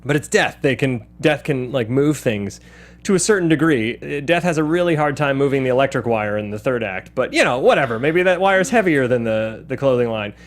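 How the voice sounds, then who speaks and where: A podcast host with a mid-range voice and a slightly fast delivery chats casually about a film. He's animated and laughs often, rambling and restarting his sentences.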